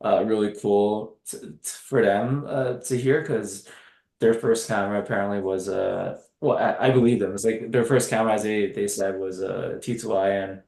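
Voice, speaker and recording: A man, a film director being interviewed, talking in a halting, hesitant way with many restarts. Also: fairly low pitch, steady tone, a little mellow. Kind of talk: casual interview chat. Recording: echoey room.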